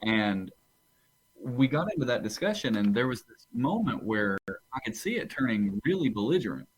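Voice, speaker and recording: A man's voice: mid-range voice, very animated, normal speed, husky, poor audio. A man, a pastor on a podcast, talking casually about theology and rambling into stories, often restarting his phrases.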